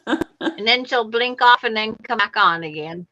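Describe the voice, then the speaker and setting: Bright-voiced woman on a muffled call. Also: on the high side, measured pace, no room sound. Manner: chatty, running commentary on the call. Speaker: livestream host. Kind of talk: casual video-call chat. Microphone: video call. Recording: muffled, dry online call audio.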